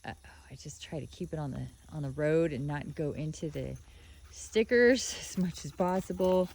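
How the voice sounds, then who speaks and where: A woman's voice: sits low, moderate pace, a little mellow. A woman chatting casually in a video diary about her dog, rambling and playful, sometimes switching to baby-talk as she plays outdoors on a rural property. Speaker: vlogger, dog owner.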